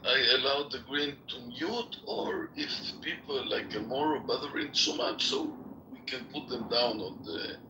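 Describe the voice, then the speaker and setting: A man hosting a live online audio room, talking in a halting way with restarts and odd phrasing. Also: mid-range voice, bright, forceful tone, reverberant, distant mic, a little hiss or hum, poor audio. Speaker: room host.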